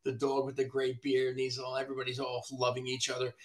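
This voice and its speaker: A man, a body shop owner from the New Jersey area, ranting in casual podcast chat, profane and animated. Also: medium pitch, quick pace.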